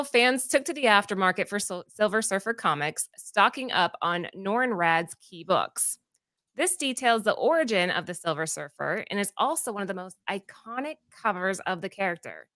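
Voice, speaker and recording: A woman's voice: medium pitch, very animated, normal speed, fairly bright tone, no room sound, clean studio sound. Woman co-host reading notes. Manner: reads steadily from notes, stumbles on names. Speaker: podcast co-host. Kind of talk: reading a scripted segment.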